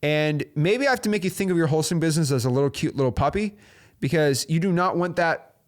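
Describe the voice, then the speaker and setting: A man hosting a motivational business talk, animated and preachy, sprinkling his speech with "like" and "okay?". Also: fairly high pitch, fast. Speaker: host.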